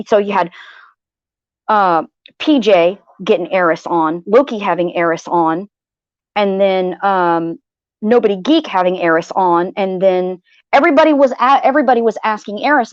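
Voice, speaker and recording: A woman's voice: mid-range voice, a little mellow, dry recording, lo-fi sound. A woman hosting a livestream tells a personal story in a heated, blunt way, swearing freely and repeating phrases to drive her point home. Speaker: livestream host. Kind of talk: venting personal story to viewers.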